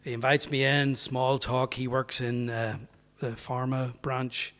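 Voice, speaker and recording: A man's voice: medium pitch, flat delivery, measured pace, fairly bright tone. A man with a Northern Irish accent, a pastor telling a humorous story to an audience in a chatty, anecdotal way. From Northern Ireland. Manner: anecdotal, chatty, acts out quoted voices. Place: parish hall. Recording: reverberant parish hall.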